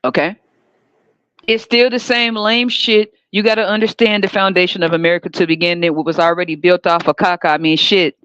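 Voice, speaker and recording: A woman's voice: fairly low pitch, fairly even intonation, fairly quick, fairly bright tone, no room sound. A woman hosting a podcast, giving a heated, sarcastic, profane monologue in a blunt manner. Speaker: podcast host. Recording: dull lo-fi dry recording.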